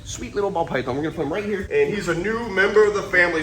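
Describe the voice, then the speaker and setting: An enthusiastic man hosting an animal vlog, breaking into high excited exclamations. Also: fast, hardly any pauses, reverberant. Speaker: reptile keeper and show host.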